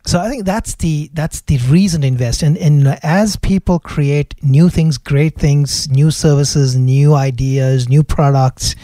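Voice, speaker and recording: Mellow-voiced man explaining investing. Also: a little high, unhurried, few pauses, dry recording. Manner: thoughtful, explains with restarts and fillers. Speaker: podcast co-host, investment analyst. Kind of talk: casual podcast chat.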